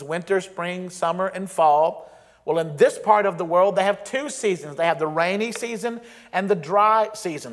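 A man preaching a sermon as pastor, earnest and emphatic, slowing down to stress key phrases. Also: high voice. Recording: long reverb of a large hall.

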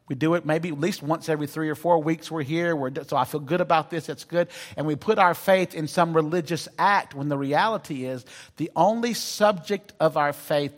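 Pastor preaching in an echoing hall. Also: male voice, a little high, a bit bright. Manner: storytelling, self-deprecating humor. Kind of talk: sermon. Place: church sanctuary. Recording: long reverb of a large hall.

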